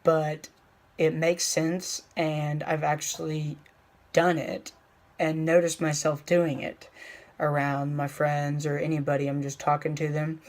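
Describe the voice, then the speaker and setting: A young man talking casually in a vlog, rambling with fillers and slowing down to stress his points. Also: a little high, level tone. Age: young adult. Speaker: vlogger. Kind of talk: casual motivational vlog talk.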